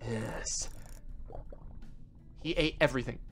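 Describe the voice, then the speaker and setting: A man streaming a fishing game, chatting to his viewers, swearing and shouting in frustration and excitement. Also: mid-range voice, takes it slowly, soft background music. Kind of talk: gaming livestream commentary.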